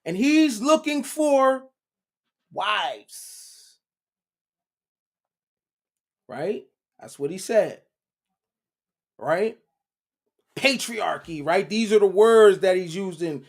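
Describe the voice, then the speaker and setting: On a casual livestream, the host lectures viewers in a preachy string of rhetorical questions, repeatedly checking "right?" His voice sits high and is very animated, yet he speaks slowly and deliberately.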